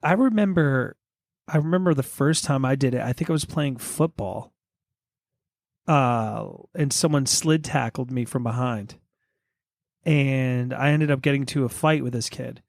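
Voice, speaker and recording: A man's voice: medium pitch, a little slow, vocal fry, no room sound, studio quality. A man in his thirties and a father, hosting a casual podcast, asking questions and laughing easily with playful interjections. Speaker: podcast host. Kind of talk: casual chat.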